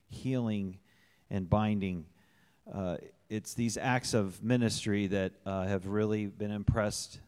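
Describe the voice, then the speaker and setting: A man giving a church testimony, deliberately stressing key words of scripture. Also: on the low side, a little mellow, smooth. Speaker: church member giving thanks. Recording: long church hall reverb.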